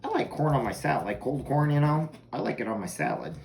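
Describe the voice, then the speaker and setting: A man's voice: a little high, very animated, fast, gravelly, a little mellow. A man casually chatting to viewers while cooking corn in his kitchen, rambling and self-amused. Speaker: home cooking vlogger. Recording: echoey room with background noise.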